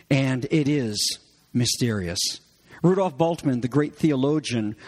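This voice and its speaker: A man preaching a sermon as a pastor, explaining scripture and rising emphatically on key phrases. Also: a little high. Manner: expository teaching, rising emphatically on quoted lines.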